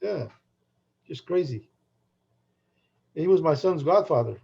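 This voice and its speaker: A man's voice: fairly high pitch, lively intonation, unhurried, creaky, warm tone, breathy edge. A middle-aged man co-hosting a podcast, telling rambling anecdotes full of restarts and laughs. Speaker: podcast co-host. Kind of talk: casual chat, storytelling. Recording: dull lo-fi sound.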